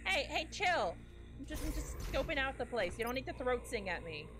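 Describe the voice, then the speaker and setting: Lively high-voiced woman streamer. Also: fast talker, over music. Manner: swears and rants loudly when frustrated; mutters upgrade text aloud in a low voice. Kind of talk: casual gameplay commentary.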